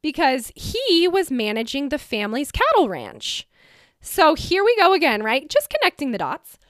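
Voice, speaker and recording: A woman's voice: sits high, wildly swooping pitch, normal speed, fairly bright tone, no echo, studio quality. A woman in her thirties from the United States hosting a podcast, telling a personal story in a chatty, emotional way with lots of "like.". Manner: chatty, emotional, heavy use of "like". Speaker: podcast host.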